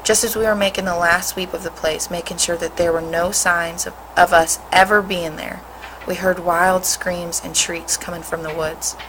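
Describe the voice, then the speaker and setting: A woman with a fairly low voice reads a storybook aloud in a steady, expressive way. She sounds like a teacher reading to a class, with a faint hum behind her. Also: normal speed.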